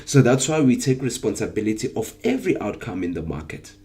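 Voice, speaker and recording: Male trading coach with a lowish, mellow voice, live-streamed lesson; engages viewers and repeats key points. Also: sing-song, fast. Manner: engaging, asks viewers rhetorical questions and for emoji replies.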